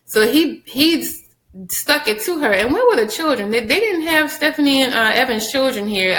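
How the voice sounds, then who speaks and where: A woman recapping a TV episode for her viewers, chatty and animated, addressing them directly and laughing often. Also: fairly high pitch, reverberant, poor audio. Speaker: TV show reviewer.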